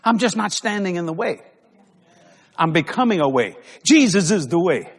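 A man's voice: high-pitched, normal speed, breathy edge. A man preaching a sermon as pastor in a church, telling folksy stories with lots of laughter. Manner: folksy storytelling, animated, laughs often. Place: church sanctuary. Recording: long hall reverb.

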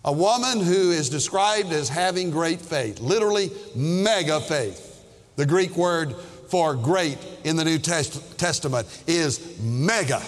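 A man preaching a sermon as a pastor, slow and emphatic, putting rhetorical questions to his listeners. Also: on the high side, lively intonation, long reverb tail.

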